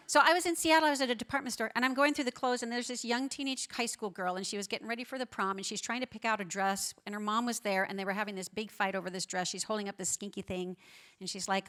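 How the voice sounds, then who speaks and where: A woman giving an emphatic conference talk, stacking up words for effect and dropping to a soft, quiet voice when she tells a story. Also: mid-range voice. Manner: emphatic, builds up lists of words. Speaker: pro-life educator giving a conference talk. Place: large conference hall on stage.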